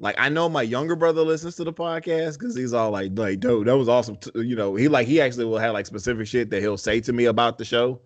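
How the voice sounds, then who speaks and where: A man's voice: medium pitch, quick pace, few pauses, dry recording, highs cut off. A man hosting a mental health podcast, talking casually with lots of fillers and the odd curse. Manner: rambling, laid-back, lots of fillers and casual cursing.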